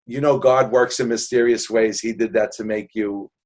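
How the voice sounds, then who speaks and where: In a casual interview, a man in his sixties from New York City spins earnest, joking stories, frequently starting over mid-thought. His fairly low voice holds a steady tone at normal speed.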